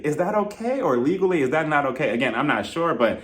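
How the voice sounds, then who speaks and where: Brief: a sassy male recap reviewer with a fairly high voice, chatty and quick to laugh. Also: animated, fairly bright tone. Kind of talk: casual recap commentary.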